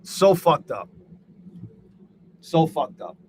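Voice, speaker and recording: A man's voice: fairly high pitch, big pitch swings, drawn-out words, a little mellow, slight background noise. A man hosting a live day-trading stream, talking to his chat in a profane, exasperated rant. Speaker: livestream host and day trader.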